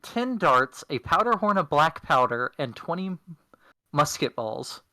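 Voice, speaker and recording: A man's voice: on the high side, sing-song, unhurried, pushed and bright, dry recording. Laid-back man running a tabletop game. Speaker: game master. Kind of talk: narrating a tabletop game over voice chat.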